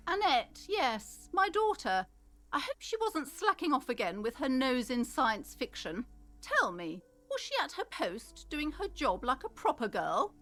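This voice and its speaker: An actress voicing a proud, pushy middle-aged woman shopkeeper in a video game, high-pitched and bossy. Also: big pitch swings, measured pace, fairly bright tone, exaggerated voice. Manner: bossy, salesy.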